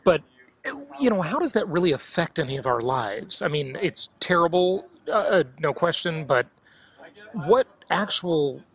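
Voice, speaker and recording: An American man hosting a conversational interview, opinionated and animated. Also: on the high side, unhurried. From United States. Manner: opinionated, animated, laughs often. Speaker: podcast host.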